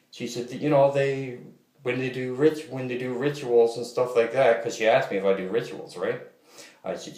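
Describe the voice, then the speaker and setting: A man's voice: fairly low pitch, moderate pace. A man telling a story in a rambling monologue vlog, repetitive and profane. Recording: roomy echo.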